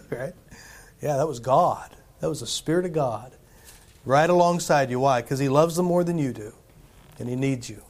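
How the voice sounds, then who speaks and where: A man's voice: mid-range voice, normal speed, a little mellow. A man preaching a sermon in a church, talking conversationally with rhetorical questions, asides to the congregation, and frequent restarts and fillers. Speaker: pastor.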